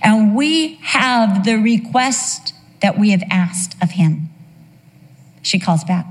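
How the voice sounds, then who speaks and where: Middle-aged woman, sermon storytelling, emotional and emphatic, mid-pitched voice, long hall reverb. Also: lively intonation, takes it slowly. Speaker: preacher.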